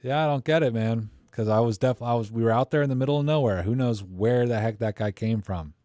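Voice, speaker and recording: A man's voice: mid-range voice, brisk, mellow, no room sound, clean studio sound. A man hosting a live camera stream, rambling and joking as he reads chat comments aloud.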